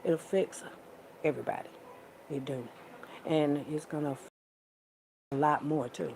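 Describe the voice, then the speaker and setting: A woman's voice: deep voice, steady tone, gravelly, darkish tone, a little hiss or hum, rough recording. A woman, sassy and preachy, calling listeners baby and child. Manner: sassy, preachy, drawn-out with pet names. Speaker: vlogger. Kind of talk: casual monologue to camera.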